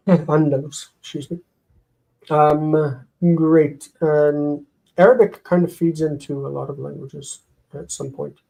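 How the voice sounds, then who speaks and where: A man's voice: a little high, steady tone, vocal fry, mellow, low-quality recording. Man teaching Hebrew grammar live. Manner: explains, repeats words slowly, reads out comments. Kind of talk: live online lesson.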